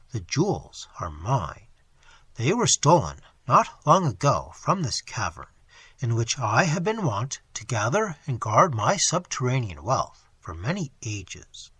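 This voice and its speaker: A man voicing a huge, pale, toad-like cavern monster with a thick, slow, loathsome voice and an unctuous, mocking manner. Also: mid-range voice, a bit bright, husky, heavily acted.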